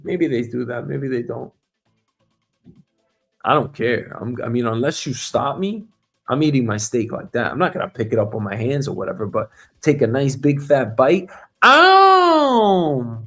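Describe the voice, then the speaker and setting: A man hosting a casual news commentary show, talking bluntly and profanely with animated asides. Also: medium pitch, normal speed, gravelly, slightly rough, faint music behind. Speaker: show host.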